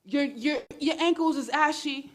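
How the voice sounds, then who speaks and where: A woman hosting a casual livestream on her phone, talking in a sarcastic, exclamatory and animated way. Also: sits high, measured pace. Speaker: livestream host.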